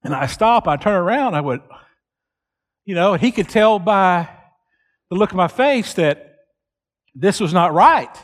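A man delivers a storytelling sermon with a high voice, unhurried and deliberate, and he doubles back on key phrases to drive them home. His words ring out with a long trailing reverb, as in a large church sanctuary. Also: lively intonation. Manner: slow, deliberate, repeats phrases for emphasis. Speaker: preacher.

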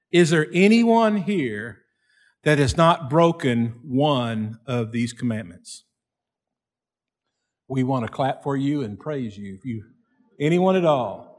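Man preaching, folksy storyteller, lively rising and falling pitch, slightly high voice. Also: moderate pace. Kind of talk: sermon.

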